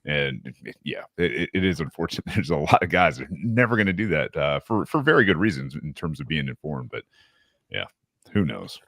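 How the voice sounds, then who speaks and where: A man's voice: extremely low pitch, big pitch swings, a little fast, gravelly, a bit bright, no room sound, clean studio sound. A man hosting a live podcast, chatting casually and rambling with many fillers and restarts. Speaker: podcast host. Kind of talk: casual live-stream chat.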